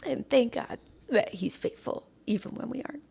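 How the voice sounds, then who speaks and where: Woman late 30s, interview guest, heartfelt, high and a bit fry-ish, laughs a lot. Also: normal speed, warm tone, slight background noise. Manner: earnest, drops to near whispers, laughs often. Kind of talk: heartfelt conversation.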